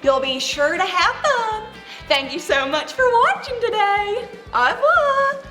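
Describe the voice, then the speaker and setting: Bright, high, unhurried female art teacher in a skit; echoey room, faint music. Woman acts it. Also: big pitch swings, heavily acted. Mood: cheerful. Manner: slow, sing-song, show-and-tell. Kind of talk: amateur stage skit.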